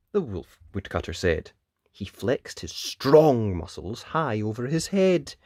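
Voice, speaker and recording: A woman reading a rhyming children's picture book aloud, expressive and sing-song. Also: rumbling low, takes it slowly, dry recording, clean studio sound. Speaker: storybook reader.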